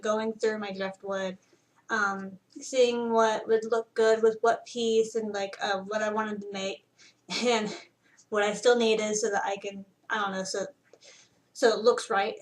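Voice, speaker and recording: A young woman tells a story to her camera in a loose, wandering way, stopping and restarting and leaning on filler words. Her voice has a middling pitch and sits a little back from the microphone. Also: steady tone, measured pace, far from the mic. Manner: rambling, many fillers and restarts. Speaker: vlogger. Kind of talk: casual personal storytelling. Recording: voice a bit off-mic.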